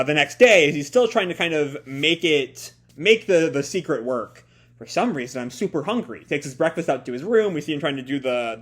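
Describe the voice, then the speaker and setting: A man's voice: mid-range voice, fairly bright tone. A man hosting a casual live comic reaction, thinking aloud and often rephrasing and doubling back mid-sentence. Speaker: host.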